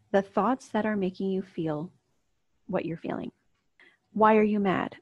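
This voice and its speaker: A woman's voice: medium pitch, normal speed, no echo. Woman, coach type, casual and upbeat, speaking straight to camera, mid-range voice, dull dry recording. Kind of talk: online course lesson. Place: outdoors, near a street. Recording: dull, slightly lo-fi dry sound.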